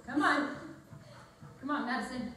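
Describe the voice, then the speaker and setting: A woman's voice: high voice, measured pace, noisy background. A woman fitness instructor coaching a home workout class, upbeat and encouraging, counting reps aloud and a little out of breath. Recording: echoey room, mic far off.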